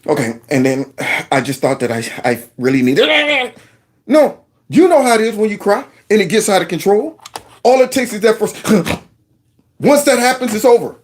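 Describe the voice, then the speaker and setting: A man hosting a video commentary, reacting to clips in an animated, sarcastic, conversational way. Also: sits high, normal speed. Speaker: host.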